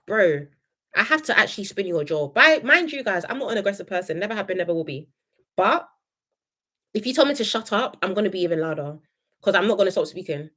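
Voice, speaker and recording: Young adult woman, casual live-stream reviewer, animated and opinionated. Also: a little fast. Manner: chatty and opinionated, reads viewer comments aloud; animated, jumps between high excited greetings and low asides.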